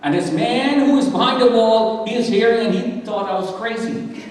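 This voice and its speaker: Impassioned male preacher with a high voice, heard from far off in an echoey church hall. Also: moderate pace. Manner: impassioned, shifting from shouting to hushed. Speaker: guest speaker. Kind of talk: testimony sermon.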